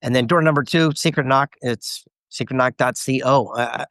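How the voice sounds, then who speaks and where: A man's voice: medium pitch, moderate pace, fairly bright tone, no echo. A middle-aged man telling a story as an interview guest, animatedly quoting others. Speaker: guest author.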